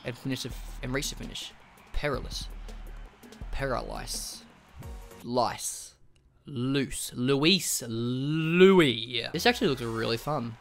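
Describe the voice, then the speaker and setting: A gaming host giving let's play commentary, excitable and swearing, swinging from mutters to shrieks. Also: medium pitch, unhurried, long pauses, soft background music.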